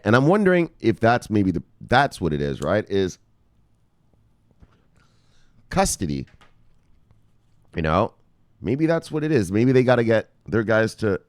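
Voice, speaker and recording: Host: man, low voice, very lively swings in pitch, dry close sound; casual livestream shout-outs, swears freely. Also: no room sound. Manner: animated, swears freely, shouts "bang" at each name. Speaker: crypto news show host. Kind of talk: casual live-stream chat reading viewer comments.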